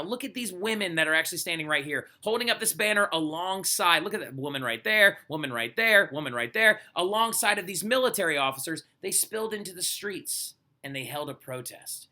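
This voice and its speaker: A young male teacher giving a casual recorded history lesson, chatty and animated, peppering his talk with "like" and "right?" and acting out quotes. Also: high-pitched, brisk, few pauses.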